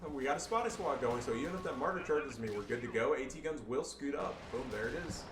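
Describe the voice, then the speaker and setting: A man's voice: mid-range voice, lively intonation, quick pace. Male gamer casually narrating his match, loose and jokey, mid-range voice; roomy home recording from off-mic. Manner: joking, loose, swears, fillers like "you know". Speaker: gamer commentating own match. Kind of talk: casual gameplay commentary. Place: home room with family around. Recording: echoey room, far-off mic, background noise.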